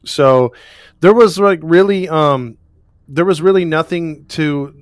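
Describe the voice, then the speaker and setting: A man's voice: a little high, slow, clear, resonant tone, dry recording, clean studio sound. A man co-hosting a casual chat, recounting a case in a rambling way with restarts and laughs. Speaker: podcast co-host recounting a case.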